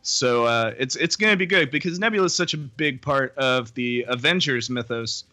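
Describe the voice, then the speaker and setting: A man's voice: medium pitch, moderate pace, pushed and bright. A man co-hosting a podcast, rambling through the news with self-deprecating jokes and frequent laughs. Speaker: podcast co-host. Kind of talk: casual chat.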